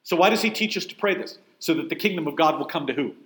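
A man leads a Bible class, talking in a lively, conversational way and stressing points hard. He keeps asking his listeners questions. His voice sits a little high and rings in an echoey room. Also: fast talker. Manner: emphatic, asks the room questions. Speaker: pastor teaching a Bible class.

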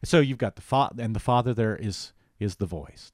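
A man with a fairly low voice teaches the Bible as a pastor in relaxed talk. He presses hard on key words and often restarts mid-sentence. The recording is dry and close. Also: fairly quick, no room sound. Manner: emphatic, animated, restarts often.

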